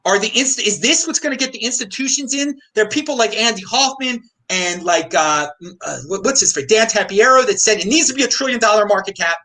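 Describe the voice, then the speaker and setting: A man hosting a live-streamed panel, talking in an excitable, ranting way. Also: sits high, fairly quick, few pauses. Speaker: show host.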